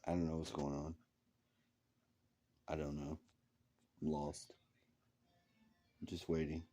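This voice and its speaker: A drowsy man rambling deadpan as he waits for a ride, his voice trailing off quietly. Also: extremely low pitch, takes it slowly. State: sleepy. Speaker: vlogger. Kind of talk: rambling casual monologue.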